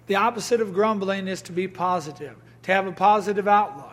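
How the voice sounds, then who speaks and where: A man with a strikingly high voice preaching a sermon. He tells stories, quotes voices, and reads scripture aloud. His delivery builds into emphatic, raised bursts. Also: fairly quick, hardly any pauses.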